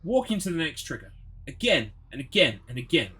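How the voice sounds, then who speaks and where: A man's voice: on the high side, very animated, a little fast, sharp tone, husky. A young man streaming a horror game, ranting sarcastically and swearing as he gets frustrated. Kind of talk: live gameplay commentary.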